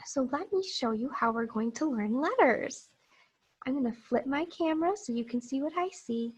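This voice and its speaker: A woman teacher giving a phonics lesson to young children, reading a picture book aloud and modeling sounds in a slow, exaggerated, encouraging way. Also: high voice, lively intonation, slightly rough, poor audio.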